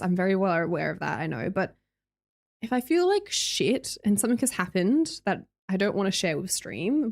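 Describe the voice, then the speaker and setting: Chatty Australian woman streamer. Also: medium pitch. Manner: chatty, laughs often, reads chat aloud. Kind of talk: casual chat with live chat readers.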